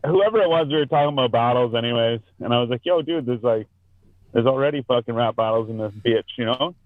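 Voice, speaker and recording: A man's voice: medium pitch, quick pace. A man rambling through a long, profane story as he hosts a casual podcast chat. His voice comes through a thin, phone-like video call line. The sound is dry, with no room echo. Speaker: podcast host.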